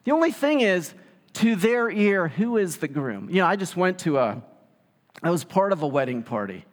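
An animated man preaching, his voice sitting a little high for a man. He acts out the people he quotes. His words ring with a long reverb, as if he stands in a large hall. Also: moderate pace. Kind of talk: sermon.

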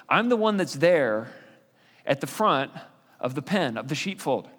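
Man, pastor, lively sermon, higher voice, echoing hall. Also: a little slow. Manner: conversational, explains with fillers and restarts. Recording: long reverb of a hall.

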